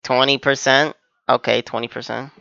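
Male reaction host, excitable, talks at the screen, bright edgy tone, dull dry mic. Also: medium pitch, moderate pace, creaky, dry recording. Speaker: anime reaction channel host. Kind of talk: live reaction commentary.

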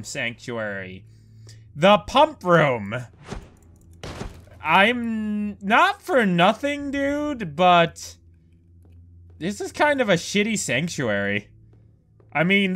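A man giving let's play commentary on a horror game, excitable and prone to profane outbursts. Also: fairly high pitch, drawn-out words, pauses often, soft background music. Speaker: gameplay commentator.

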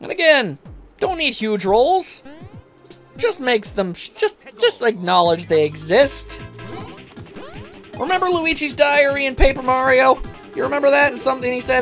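A woman commentating over a game in a ranting, animated way, full of asides. Her voice is high and leaps all over the place, with soft music playing faintly beneath. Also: normal speed. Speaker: let's play commentator. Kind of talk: gameplay commentary rant.

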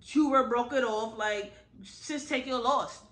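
A woman's voice: on the high side, a little slow. A woman giving a casual book review recap, talking bluntly and with lots of slangy asides. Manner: animated, blunt, slangy storytelling with frequent asides.

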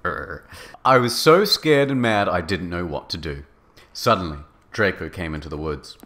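A man's voice: low voice, lively intonation, normal speed, bright, forceful tone. A man narrating in a comedic dramatic reading with an exaggerated, mock-earnest delivery.

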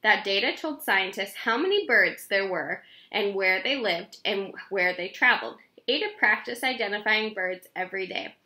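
Lively bright woman reading aloud. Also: medium pitch, normal speed, few pauses, echoey room. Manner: expressive, animated read-aloud with character voices. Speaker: children's book reader. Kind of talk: reading a chapter book aloud.

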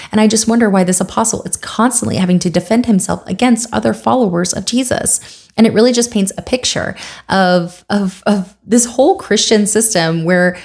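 A woman sharing her opinions in a casual commentary vlog. She talks conversationally and with a wry edge, often pausing on fillers. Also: mid-range voice, vocal fry, a little mellow. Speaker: video creator.

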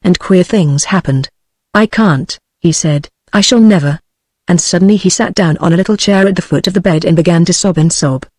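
British tts lady reading a story, even robotic delivery, totally dry sound. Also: fairly low pitch, fairly quick, few pauses, dry recording. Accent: British English. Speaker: narrator. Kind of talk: text-to-speech audiobook reading.

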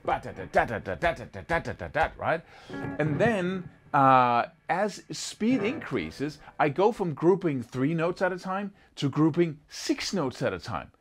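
A man teaching a guitar lesson in a casual, animated way, sometimes singing rhythms as syllables. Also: a little high, slow pace, hardly any pauses. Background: guitar playing.

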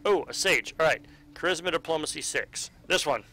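A man with a bright, slightly high voice walks through a tabletop card game, reading the cards out and tallying each dice roll. He stays patient and easygoing with a child beside him. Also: animated, brisk. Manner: reads card text aloud and counts dice rolls. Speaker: host running the card game. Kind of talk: tabletop game playthrough chat.

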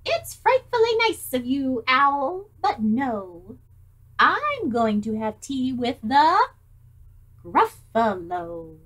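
Woman voicing a little storybook mouse, polite, clever, high and bright. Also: sing-song, extremely slow, full character voice. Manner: polite, mock-grand.

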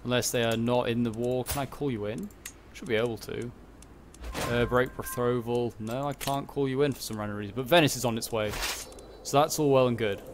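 A man's voice: medium pitch, fairly quick, noisy background. Chatty man commenting on gameplay. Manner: chatty, thinking aloud, muttering reactions. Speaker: game commentator. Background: background music.

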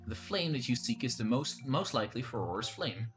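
A man's voice: medium pitch, animated, normal speed, music in the background, natural voice. A man voicing an old, drowsy male tree-spirit hermit in a put-on old-man accent, rambling like a conspiratorial storyteller. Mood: folksy.

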